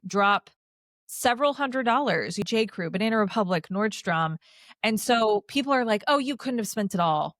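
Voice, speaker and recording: A woman's voice: mid-range voice, dry recording, clean studio sound. A woman in her thirties, a podcast guest, telling her story in a casual, chatty way, peppering her speech with "like" and dropping in sarcastic asides. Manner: chatty, heavy use of "like", animated with sarcastic asides.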